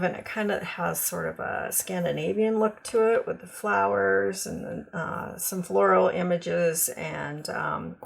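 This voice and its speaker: A woman's voice: fairly low pitch, gravelly, a bit bright, slight background noise. A woman demonstrating craft products in a casual, chatty show-and-tell, full of ums and gushing over cute designs.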